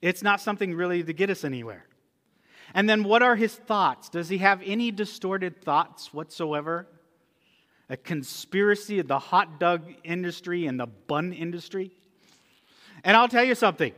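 A man's voice: sits high, expressive, moderate pace, pushed and bright. A male pastor preaching a sermon in a conversational, emphatic teaching manner. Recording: long reverb of a church hall.

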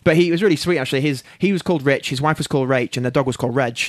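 Fast-talking Englishman telling stories. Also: medium pitch, dry recording, studio quality. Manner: rapid, animated storytelling with laughs. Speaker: guest. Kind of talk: casual chat.

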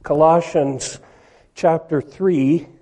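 A man's voice: a little high, fairly even intonation, mellow. A man preaching a sermon, reading verses aloud and stressing key words with emphasis. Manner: slow, emphatic, reads scripture aloud.

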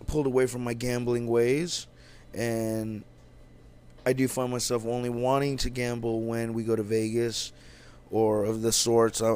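A man's voice: mid-range voice, a little mellow, smooth. A young man from California hosting a casual solo podcast, talking in a laid-back, slangy and profane way. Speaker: podcast host.

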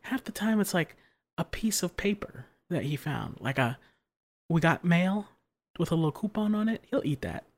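Co-host, mid-range voice, animated exasperated storytelling in casual chat. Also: medium pitch, moderate pace. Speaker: podcast co-host.

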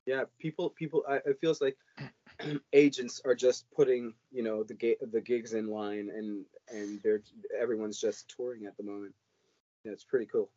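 A man's voice: medium pitch, steady tone, moderate pace, mellow, dry recording. Guy co-hosting a podcast, rambly with lots of ums, dry muffled sound. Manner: rambling, many fillers and restarts. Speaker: podcast co-host. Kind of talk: casual chat. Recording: dull lo-fi audio.

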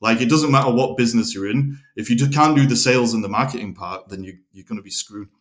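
A man's voice: medium pitch, fast. Plain-spoken man hosting a podcast. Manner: blunt, reflective, occasional swearing. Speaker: podcast host, coach. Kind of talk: casual podcast conversation.

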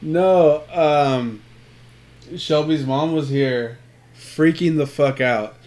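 A man's voice: fairly high pitch, extremely slow, darkish tone. A man telling a rambling story in casual chat, swearing a lot and acting out what people said. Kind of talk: casual chat between friends.

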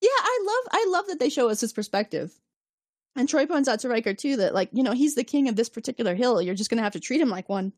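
A woman co-hosting a casual podcast, recounting scenes in an animated way and acting out characters' lines, with casual swearing. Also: on the high side, quick pace, no echo, clean studio sound. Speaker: podcast co-host. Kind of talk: casual recap chat.

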